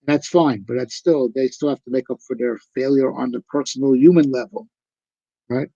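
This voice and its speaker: Gravelly-voiced rabbi giving an emphatic talk. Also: male voice, medium pitch, fairly even intonation, moderate pace, mellow, no room sound. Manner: emphatic and conversational, with repeated rhetorical questions. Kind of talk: live philosophical Torah discourse. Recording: dull lo-fi recording.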